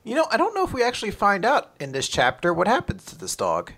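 Man retelling a story casually, kinda high voice, bouncy and animated, laughs a lot. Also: quick pace, slightly rough. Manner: lively, acts out characters in squeaky high voices, laughs often. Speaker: podcast co-host recapping a manga chapter.

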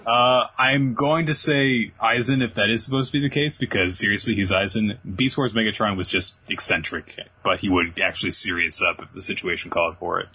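A man's voice: on the low side, fairly even intonation, fairly quick, hardly any pauses, sharp tone, husky. A man co-hosting a podcast, reading out listener questions and joking along in casual chat. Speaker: podcast co-host.

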